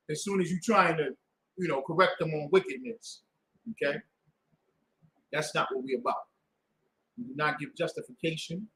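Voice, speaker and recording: A man's voice: fairly high pitch, animated, fairly quick, a bit bright. A man teaching a Sabbath class, preaching with rhetorical questions and call-and-response to the room. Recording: echoey room.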